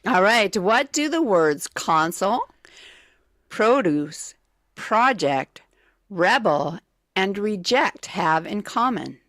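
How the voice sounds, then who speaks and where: A woman's voice: medium pitch, sing-song, slow pace, a bit bright, dry recording. A woman co-hosting a morning radio show, reading trivia questions hesitantly with many fillers in a radio studio.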